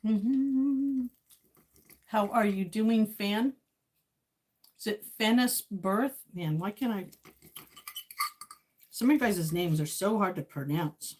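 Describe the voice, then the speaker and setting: A woman's voice: medium pitch, takes it slowly, long pauses, slight background noise. Woman livestream host, chatty and casual, greets viewers between bites.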